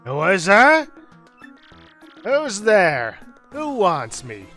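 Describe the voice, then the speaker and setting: A man's voice: sits high, wildly swooping pitch, drawn-out words, sharp tone, soft background music, pitched above the performer's own voice, full character voice. A man putting on a doddery old professor. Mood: doddering. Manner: attempted old man voice, drifting southern. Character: old scholarly male professor, absent-minded.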